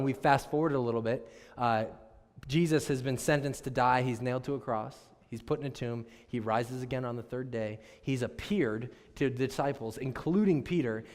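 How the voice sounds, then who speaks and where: A man preaching a sermon as pastor, moving between loud and hushed delivery and acting out dialogue between characters. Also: mid-range voice. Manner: dynamic, swings from loud to hushed. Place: church sanctuary. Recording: long church hall reverb.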